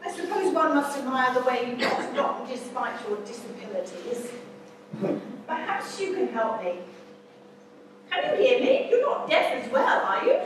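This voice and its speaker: A woman's voice: high-pitched, sing-song, moderate pace, background noise. An actress playing a condescending, imperious upper-class lady in an amateur stage comedy. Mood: haughty. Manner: imperious and patronising. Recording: echoey hall, stage mic from far off.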